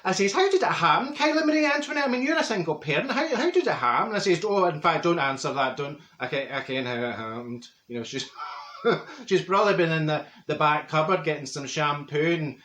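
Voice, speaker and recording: A man's voice: fairly high pitch, normal speed, a bit bright, echoey room, natural voice. A man playing a chatty, straight-talking middle-aged Glasgow woman with a Glaswegian accent, rambling through gossip and mixing up big words in a comic monologue. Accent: Glaswegian Scottish. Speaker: comedy character monologue. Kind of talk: comic storytelling to camera.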